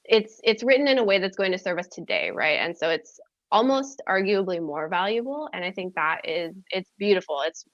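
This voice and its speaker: A woman's voice: medium pitch, lively intonation, fairly quick, no room sound, lo-fi sound. A woman guest, an editor and book blogger, chatting thoughtfully about books with many ums. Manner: thoughtful, many "um"s, laughs lightly. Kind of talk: casual chat.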